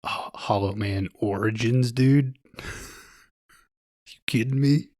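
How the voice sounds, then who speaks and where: A man's voice: medium pitch, a little mellow, no echo, studio quality. A man co-hosting a movie podcast, making wisecracks in casual chat. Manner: slow, wisecracking, laughs often. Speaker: podcast co-host.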